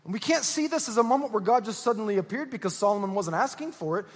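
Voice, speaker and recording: A man's voice: high-pitched, lively intonation, quick pace. A man preaching a sermon as pastor, earnest and emphatic, repeating key lines. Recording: echoey church hall.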